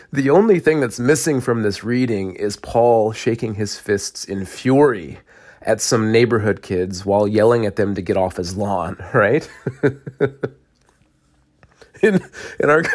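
A man preaching a humorous sermon, teasing and laughing often as he talks. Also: medium pitch.

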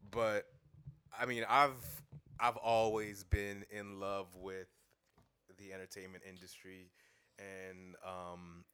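A man's voice: low-pitched, little pitch movement, slow pace, bright, forceful tone, smooth. A young man, a podcast guest, talking earnestly and thoughtfully in casual chat, with many fillers.

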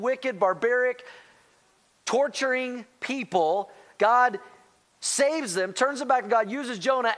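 A man preaching a sermon as pastor, animated, talking straight to the congregation and calling out to them. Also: extremely high pitch. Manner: animated, rising to near-shouting excitement; addresses congregation directly as church.

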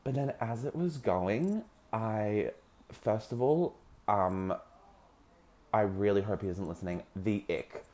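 A man's voice: fairly low pitch, slow pace, darkish tone. A man, telling a dating story in a dramatic, gossipy way with lots of swearing. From Australia. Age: early 20s. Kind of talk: casual gossipy chat.

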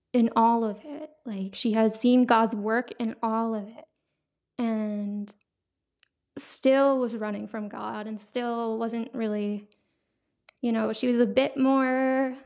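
A young woman hosting a podcast, sharing an emotional personal testimony in a halting way, full of fillers. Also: a little high, a little mellow. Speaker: podcast host.

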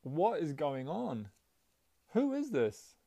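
A man voicing a young boy who shouts, hurt and cross, while telling a story. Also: huge pitch swings, slow, gravelly, exaggerated voice. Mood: puzzled. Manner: shouted, high and loud.

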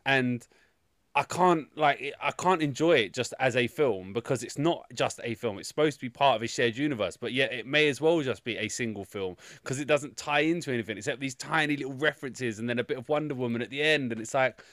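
A man's voice: mid-range voice, fairly quick, a bit bright, dry recording, studio quality. A man co-hosting a podcast in casual chat, rambling with many restarts and crude jokes. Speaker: podcast co-host.

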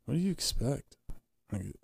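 A man's voice: medium pitch, big pitch swings, moderate pace, gravelly, breathy edge, no room sound, studio quality. A man co-hosting a podcast, telling a story casually and bluntly, with heavy swearing. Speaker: podcast co-host. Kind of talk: casual candid chat.

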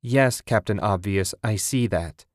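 A man's voice: on the low side, a little slow, no room sound, clean studio sound, close to an everyday voice. A man putting on a frightened, insistent wife. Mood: impatient. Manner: raised, pleading, sharp-edged.

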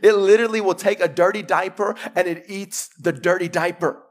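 Emphatic pastor preaching a live sermon. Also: male voice, high-pitched, fairly even intonation, brisk.

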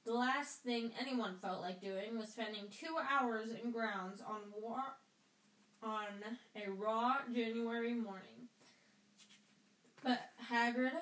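A woman's voice: on the high side, takes it slowly, a bit bright, reverberant, poor audio. A woman reading a novel aloud at home, often tripping over words and going back to correct herself. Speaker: audiobook reader. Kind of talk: amateur read-aloud of a novel.

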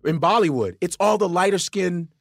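A man's voice: high-pitched, moderate pace, creaky, dry recording, studio quality. A male comedian, talking loosely in a podcast chat and slipping into mocking voices. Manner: animated, profane, does mocking voices. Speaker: comedian guest.

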